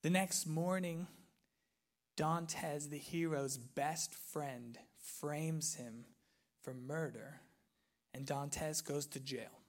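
A male pastor preaching a sermon, retelling a movie with lively swings from loud, excited peaks to hushed, near-whispered moments. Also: on the high side, very slow.

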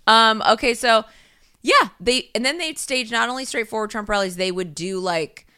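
A rambling, foul-mouthed woman co-host with a bright, smooth voice. She laughs often and backtracks as she goes. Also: on the high side, normal speed. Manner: rambling, profane, laughs a lot. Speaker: podcast co-host. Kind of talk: casual chat.

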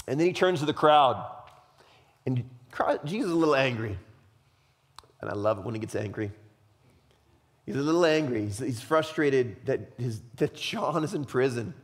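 A male pastor preaching a sermon, impassioned and tearful, swinging from hushed words to loud bursts. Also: medium pitch, lively intonation, moderate pace. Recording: long hall reverb.

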